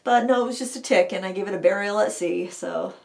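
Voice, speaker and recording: A woman's voice: medium pitch, quick pace, creaky. A woman hosting a casual live chat, telling rambling stories full of fillers and restarts. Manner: chatty storytelling with many fillers and restarts. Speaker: host of an art channel live chat.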